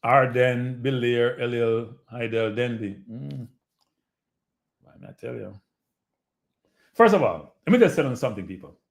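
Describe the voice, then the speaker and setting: This Jamaican-accented host has a gravelly, medium-pitched voice, unhurried and full of pauses. On his live show he chats casually and animatedly, frequently repeats himself, and speaks to viewers as "people."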